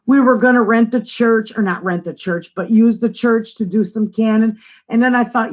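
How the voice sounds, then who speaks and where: A woman's voice: on the high side, steady tone, normal speed. An older woman from northern Michigan, chatting casually on a homestead live stream, greeting viewers and reading their comments aloud. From northern Michigan, USA. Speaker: homestead channel host. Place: home, away from the living room.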